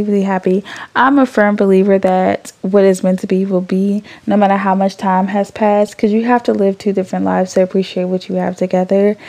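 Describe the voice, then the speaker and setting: Young adult woman podcast host; warm, raspy-fried voice, rambling and emotional. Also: medium pitch. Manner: candid and emotional, swears freely, rambling with fillers. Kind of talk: casual chat.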